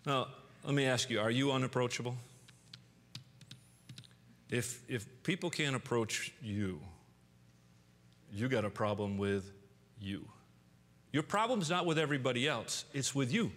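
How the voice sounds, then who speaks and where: A man preaching a sermon in a church, animated, acting out angry outbursts and often restarting his words. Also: medium pitch, measured pace, long pauses. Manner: animated, acts out angry quotes with sudden loud outbursts; frequent restarts and repeated words. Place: church sanctuary. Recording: long church reverb.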